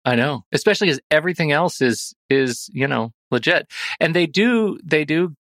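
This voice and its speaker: A man co-hosting a casual film review podcast, animated and laughing often. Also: fairly high pitch, moderate pace, dry recording, studio quality. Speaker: podcast co-host.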